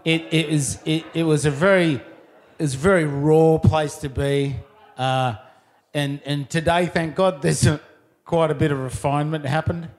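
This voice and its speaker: Man, slightly higher voice, relaxed, rambling, reminiscing, casual. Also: normal speed. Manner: relaxed, rambling, many fillers. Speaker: surfer looking back.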